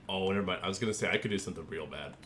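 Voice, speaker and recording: A man's voice: sits low, fairly bright tone, slight background noise. A young man casually chatting with his stream while designing a paint scheme, joking and easily amused. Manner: goofy, joking, easily amused, talks to chat. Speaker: gaming streamer.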